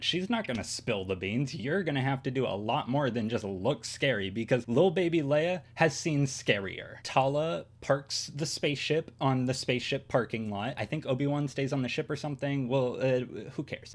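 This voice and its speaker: A man hosting his own channel, giving a chatty, sassy episode recap from his bedroom, with lots of fillers. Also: mid-range voice. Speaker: channel host.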